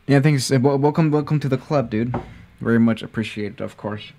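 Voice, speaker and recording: A man's voice: mid-range voice, a little fast, mellow, a little hiss or hum. A man live-streaming a flight simulator, chatting casually with his viewers, often tripping over his words and laughing at himself. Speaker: livestreamer playing a flight simulator.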